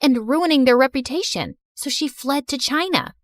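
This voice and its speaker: A woman narrating an animated story in an expressive, scripted way. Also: sits high, moderate pace, few pauses, dry recording, clean studio sound.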